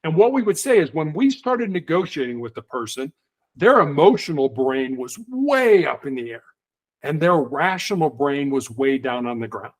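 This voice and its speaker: Middle-aged male guest, slightly high voice, animated storyteller who acts out quotes. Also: normal speed. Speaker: guest, former hostage negotiator. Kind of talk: conversational storytelling interview.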